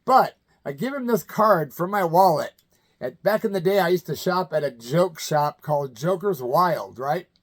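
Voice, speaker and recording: A man's voice: on the high side, lively intonation, normal speed. A man in his fifties from the American Midwest, telling rock stories in a loose, colloquial way and acting out the people he quotes. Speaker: channel host telling stories. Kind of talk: casual anecdotal storytelling.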